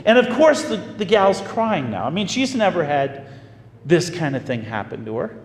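A man preaching as a pastor, telling a story in an animated, folksy way. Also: fairly high pitch, moderate pace, slight background noise. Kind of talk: storytelling sermon. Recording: echoey hall with faint ambience.

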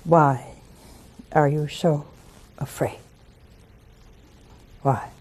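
A woman's voice: low-pitched, fairly even intonation, drawn-out words, darkish tone, slightly rough. A woman hosting a religious call-in show, preaching devotionally and coaxing listeners with intimate questions.

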